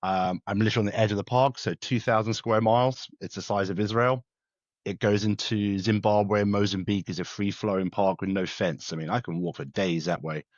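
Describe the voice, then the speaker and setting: British guy w/ a bit of south african in it, chatty, laughs a lot, lowish voice, kinda dull lo-fi sound. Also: steady tone, no room sound. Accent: British with a South African tinge. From England. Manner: chatty and quick, laughs easily. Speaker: guest, former soldier and wildlife conservationist. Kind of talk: casual podcast interview. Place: home in rural South Africa, remote call.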